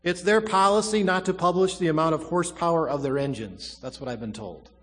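A man preaching a sermon, swelling loud and then dropping to a hush, drawing out key words slowly. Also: fairly high pitch, long reverb tail. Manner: dramatic preaching, swells loud then drops to a hush, slow emphatic stresses.

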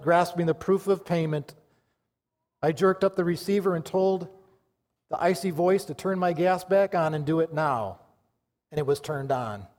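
A male pastor preaching a sermon with fervor, rising loud and then dropping to a hush. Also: on the high side. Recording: long reverb of a large church hall.

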